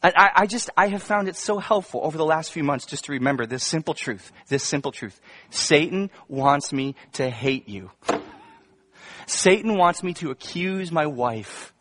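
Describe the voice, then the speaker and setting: Higher-voiced male pastor preaching. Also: lively intonation, normal speed, a bit bright. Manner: conversational, with humorous asides and emphatic bursts. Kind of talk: sermon. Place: church before a congregation.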